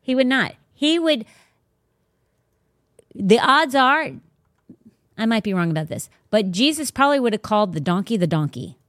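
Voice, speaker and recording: A woman's voice: fairly high pitch, sing-song, moderate pace, long pauses, a bit bright, no echo. Emphatic woman host, casual faith talk, dry close sound. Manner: blunt, emphatic, preachy. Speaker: podcast host.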